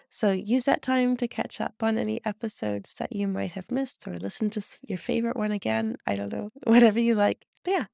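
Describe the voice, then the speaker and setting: A woman hosting a podcast interview, enthusiastic and gentle as she introduces her guest. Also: mid-range voice, creaky, dry recording, clean studio sound. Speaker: podcast host.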